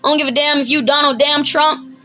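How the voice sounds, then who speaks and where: High bright-voiced woman preaching scripture, emphatic and colloquial, laughs a lot. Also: steady tone, brisk. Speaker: bible teacher. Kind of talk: informal scripture teaching.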